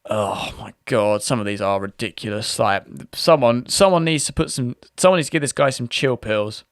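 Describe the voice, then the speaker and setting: A man's voice: medium pitch, moderate pace, dry recording, studio quality. A British man hosting a casual online video, talking in a chatty, rambling way with frequent restarts. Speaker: YouTube host. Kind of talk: casual commentary.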